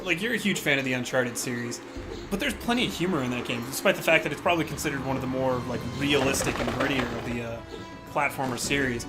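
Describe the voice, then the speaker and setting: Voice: mid-range voice, fast. A let's play co-host watching a game, chatty and giggly in casual conversation. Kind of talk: casual gameplay chat. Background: game music.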